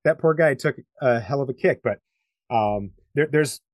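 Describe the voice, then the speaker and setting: A man's voice: mid-range voice, normal speed, no echo. A man from Detroit, talking animatedly and rambling in a casual film podcast. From Detroit, USA. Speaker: podcast co-host.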